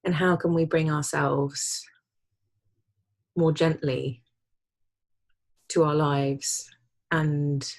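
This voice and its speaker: Slow, soft-spoken husky woman. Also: low voice, little pitch movement. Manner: gentle, soft-spoken, unhurried. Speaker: podcast co-host. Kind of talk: slow reflective reading of her own poem.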